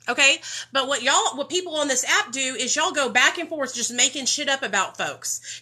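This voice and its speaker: Blunt emotional high bright woman streamer. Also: expressive, normal speed. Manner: blunt, swearing, talks straight to her viewers. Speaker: livestreamer in recovery. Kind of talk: emotional unscripted livestream talk.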